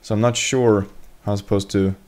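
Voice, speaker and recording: Brisk and steady, with a lowish, somewhat mellow voice, this young let's play host jokes his way through the game. He yelps, swears, mocks the monsters, and addresses them in put-on voices.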